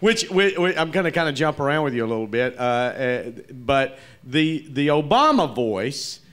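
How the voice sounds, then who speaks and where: A male host is conducting a live interview on a comedy theater stage. His voice sits at an ordinary pitch. He works his way toward each question through false starts and restarts. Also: expressive, moderate pace, fairly bright tone, slight background noise. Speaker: interview host, club owner.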